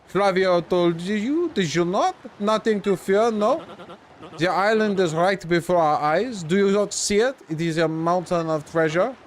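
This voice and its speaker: A man's voice: high voice, unhurried, slight background noise, pitched above the performer's own voice. A man voicing a pompous, flamboyant male ship captain with a theatrical mock-French flair. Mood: boastful.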